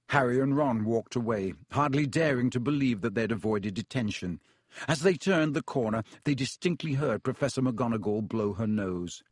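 A man reads a fantasy novel aloud in a measured, even storytelling voice of middle pitch. The sound is close and dry, with no room around it. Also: no room sound. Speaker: audiobook narrator. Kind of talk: scripted narration.

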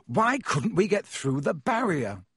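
A man's voice: high-pitched, big pitch swings, a little slow, fairly bright tone, slightly rough, dry recording, clean studio sound, voice pushed up, full character voice. A man reading an audiobook, voicing a cheeky, blunt young schoolboy with an offhand way of talking. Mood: casual.

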